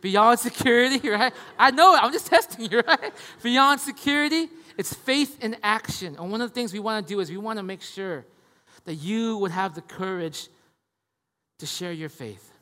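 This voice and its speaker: A man in his thirties, a pastor preaching a conversational sermon, often asking "right?" and moving between hushed and loud passages. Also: high voice, expressive, normal speed, long reverb tail. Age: 30s. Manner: conversational, tag questions, swings from hushed to loud.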